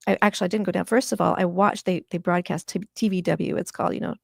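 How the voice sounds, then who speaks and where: Woman, middle-aged, from Washington State, gravelly, impassioned, interview guest. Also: lowish voice, fairly even intonation, fast, a little mellow, no echo, studio quality. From Washington State, USA. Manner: earnest and impassioned, voice catching with emotion.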